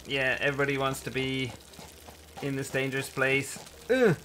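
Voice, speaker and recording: A man commentating a survival building game as he plays, excitable and quick to yelp in panic or laugh at mishaps. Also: mid-range voice, background noise. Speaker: gaming channel host. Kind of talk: let's play commentary.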